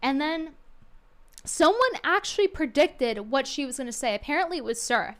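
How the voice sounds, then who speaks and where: A woman with a high voice comments on a live stream. Her retelling is casual and gossipy, with a dry, sarcastic edge. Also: animated, moderate pace, fairly bright tone.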